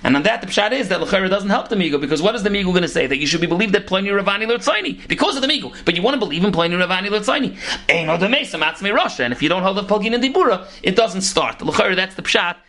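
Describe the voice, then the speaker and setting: Fast-talking man teaching Talmud. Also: sits high. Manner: rapid, animated explaining with Hebrew and Yiddish terms mixed into English. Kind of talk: Talmud lecture.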